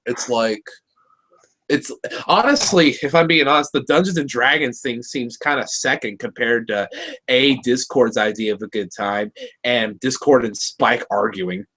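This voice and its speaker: Casting: male reviewer, mid-pitched, chatty and joking, rambles through his points. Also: fairly bright tone. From Mexican heritage. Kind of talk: casual review chat.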